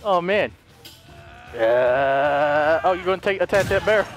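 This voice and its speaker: A young man giving excited co-op gameplay commentary, loud and shrieking with swearing outbursts. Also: on the high side, measured pace, over loud music. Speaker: gaming YouTuber.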